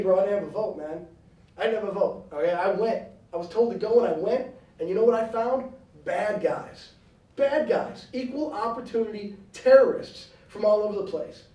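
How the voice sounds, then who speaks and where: A man's voice: sits high, mellow, echoey room, recorded from a distance, poor audio. A man giving a blunt, joking and combative speech to students at a university. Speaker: guest speaker. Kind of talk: animated campus speech. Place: university lecture hall.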